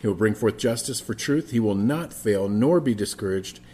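A man preaching a sermon as pastor, moving between a projected voice and quiet, near-whispered passages. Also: lowish voice, expressive, moderate pace.

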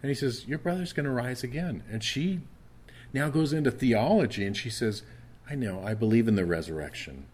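A man's voice: medium pitch, lively intonation, brisk, a little mellow, husky. A man preaching a conversational sermon, reading scripture aloud and explaining it. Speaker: pastor.

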